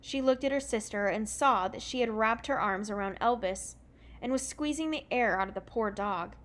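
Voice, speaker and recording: A woman reading a children's book aloud in a relaxed, unpolished way, correcting her own slips as she goes. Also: on the high side, moderate pace. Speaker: reader.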